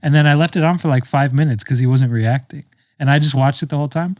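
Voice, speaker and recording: A man's voice: on the high side, quick pace, a little mellow, no room sound, clean studio sound. A young man co-hosting a podcast in casual chat, joking and laughing often. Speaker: podcast co-host.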